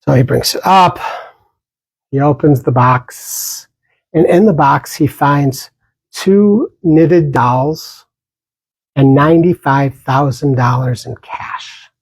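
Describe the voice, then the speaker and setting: A man leads a dharma talk as a meditation teacher, speaking very slowly and gently. His voice is husky and a little breathy, and he pauses often and restarts phrases softly. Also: a little high, dry recording, low-quality recording. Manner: slow, gentle, pausing, with small restarts.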